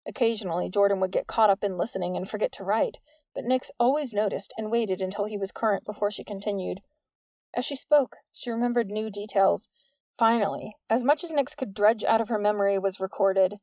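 A woman giving steady, measured scripted narration of a novel into a close studio mic. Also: medium pitch, dry recording. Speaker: audiobook narrator.

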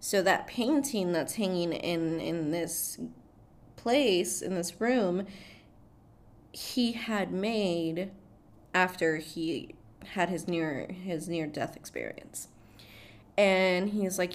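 Woman film-recap vlogger, mid-pitched, casual and swearing, quick to laugh. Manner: chatty, profane, laughs often, animated reactions.

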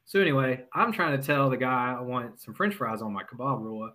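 Bright-voiced man telling lively stories. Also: mid-range voice, brisk, rough recording. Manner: animated, laughing often. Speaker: guest, former football head coach. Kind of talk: casual podcast storytelling.

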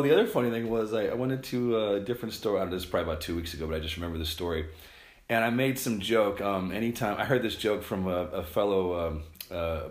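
Man, middle-aged, lowish voice, rambling casual storyteller, echoey room. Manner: rambling, animated storytelling with swearing. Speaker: vlogger. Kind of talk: casual chat to camera. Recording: roomy echo.

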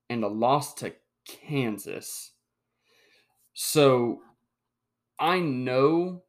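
A young man hosting a sports talk podcast, reading out rankings and ranting heatedly with sudden jumps in loudness. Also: medium pitch. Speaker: podcast host.

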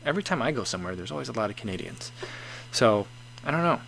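An American man hosts a live stream, casually chatting through viewer comments with lots of fillers, restarts, and chuckles. His mid-range voice is gravelly and a bit bright, very animated and quick, with slight background noise.

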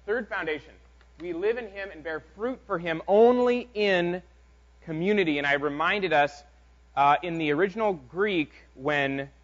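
A man preaching a conversational sermon as pastor, in an informal, halting way with frequent restarts. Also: fairly high pitch, a bit bright. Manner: informal, halting delivery with many fillers and restarts. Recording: dull lo-fi sound.

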